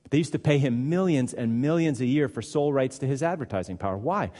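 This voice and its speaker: A man's voice: medium pitch, animated, fast talker, mellow, long reverb tail. A man preaching a sermon, conversational and teaching, repeating words for emphasis. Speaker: pastor.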